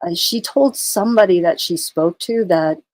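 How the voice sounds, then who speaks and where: A woman's voice: fairly low pitch, normal speed, a little mellow, no echo. A tired woman livestreaming in casual chat, talking through a case and greeting her viewers. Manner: chatty, greets viewers, many fillers. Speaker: true crime livestreamer.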